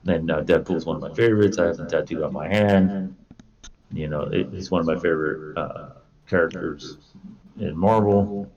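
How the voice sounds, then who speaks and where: Laid-back low-voiced man, distant lo-fi audio. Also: moderate pace, crowd noise. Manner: animated, laughing, acts out villain quotes. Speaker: podcast co-host. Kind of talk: casual chat. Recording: distant, dull lo-fi podcast audio.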